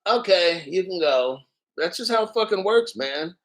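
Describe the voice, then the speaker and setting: A man with a bright, forceful voice, pitched a little above most men, hosts his own crypto show. He rants in crude, profane commentary, swings into sarcasm, and mocks his critics. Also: lively intonation, poor audio. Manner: reads articles aloud slowly, mocks others in silly voices.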